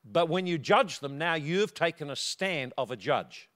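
With lively intonation and a measured pace, a preacher tells a personal story during his sermon. He performs the quoted voices, swinging widely in pitch and volume.

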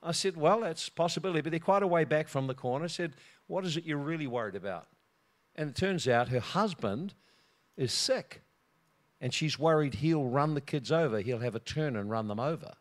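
A middle-aged preacher man, sounding a little higher than most men. He tells a personal story in a sermon, laughing often and restarting his words as he goes. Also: expressive, brisk.

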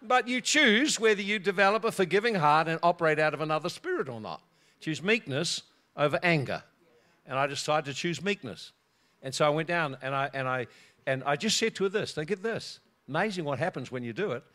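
A middle-aged preacher man, sounding a little higher than most men. He tells a personal story in a sermon, laughing often and restarting his words as he goes. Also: lively intonation, a little fast, bright, forceful tone.

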